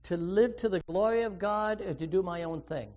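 Man, high-pitched, preacher, sermon, earnest, questioning, muffled lo-fi sound. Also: normal speed, darkish tone. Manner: earnest, questioning, with sudden emphatic rises. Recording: dull lo-fi recording.

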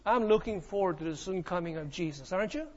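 A man preaching to his congregation in a strikingly high voice, pulling listeners in with questions as he tells his story with drama. The recording is dull and muffled, the sound of a church service captured on modest equipment. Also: fast. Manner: preaching with call-and-response questions and dramatic retelling. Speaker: pastor. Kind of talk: sermon.

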